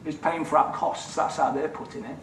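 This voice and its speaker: A man's voice: fairly high pitch, steady tone, a little fast. A man giving a seminar as a letting agent, blunt and repetitive, acting out the people in his stories. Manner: blunt, repeats words, mimics others in raised voice. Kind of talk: animated seminar talk with acted-out anecdotes. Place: seminar room. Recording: echoey room, mic far off.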